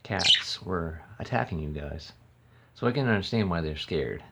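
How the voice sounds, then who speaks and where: A man's voice: low-pitched, lively intonation, normal speed, vocal fry, heavy background noise. A man filming a casual home vlog on his phone, rambling and correcting himself as he talks and coos to his birds. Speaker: pet owner vlogger. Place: home room. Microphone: phone camera. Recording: dull lo-fi phone audio.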